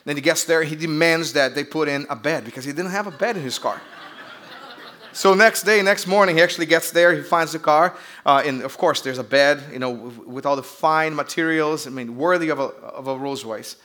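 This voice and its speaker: A man's voice: fairly high pitch, fairly quick, a bit bright. A man from Brazil with a Brazilian accent, preaching a sermon as pastor in a chatty, joking storytelling way with call-outs to the audience.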